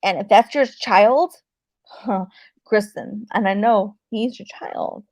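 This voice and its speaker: A woman's voice: mid-range voice, slow, vocal fry, darkish tone, no room sound. A woman hosting a casual livestream as a medium, emphatic, swearing freely and repeating herself.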